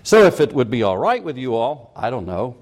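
A man's voice: mid-range voice, big pitch swings, a little fast. An older male pastor preaching a folksy, conversational sermon full of asides and rhetorical questions.

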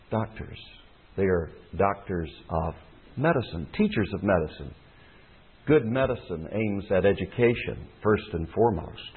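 A man preaching a sermon, teaching slowly and repeating phrases for emphasis, with a husky voice. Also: fairly low pitch. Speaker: pastor. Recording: tinny phone-like sound.

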